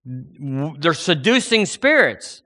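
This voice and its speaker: Guy preaching, voice swings all over, animated sermon. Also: on the high side, takes it slowly.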